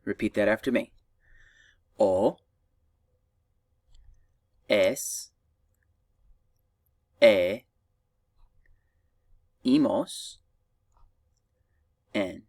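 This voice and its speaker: Slow, patient male Spanish teacher. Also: on the low side, darkish tone, no room sound, studio quality, far from the mic. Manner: patient, drills conjugations for repetition. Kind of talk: recorded grammar lesson.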